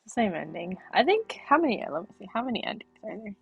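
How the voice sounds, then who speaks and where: A young woman with a husky voice plays through a game live, reading its text aloud and reacting. Her manner is animated and quick to laugh. The audio is a little dull and lo-fi, with faint music underneath. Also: mid-range voice. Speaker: streamer.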